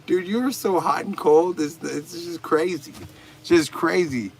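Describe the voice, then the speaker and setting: A man's voice: on the high side, measured pace, a little hiss or hum. A man hosting a casual livestream, profane and mocking as he answers chat, stoned and tired. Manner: profane, mocking, shouts at chatters. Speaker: livestream host.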